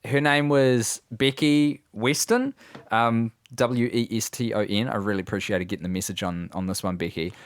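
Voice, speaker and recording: A man's voice: on the low side, steady tone, normal speed, smooth. A man co-hosting a comedic podcast, rambling and jokey and swearing casually. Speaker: podcast co-host.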